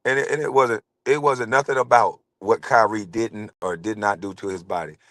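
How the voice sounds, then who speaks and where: Blunt, rambling man with a low voice. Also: fairly even intonation, normal speed, fairly bright tone, no echo, rough recording. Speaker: show host. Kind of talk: casual commentary.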